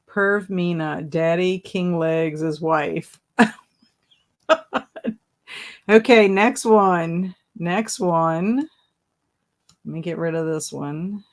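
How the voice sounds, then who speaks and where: A woman's voice: on the low side, very slow, long pauses. A woman hosting a casual live stream, chatting, laughing often and reading viewers' comments aloud. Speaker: livestream host.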